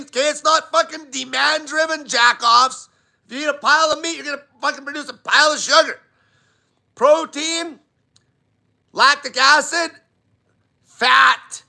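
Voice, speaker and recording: Man, very high voice, sharp and bright, blunt profane live Q&A rant. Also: gravelly. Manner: blunt, swears constantly, emphatic. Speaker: diet channel host.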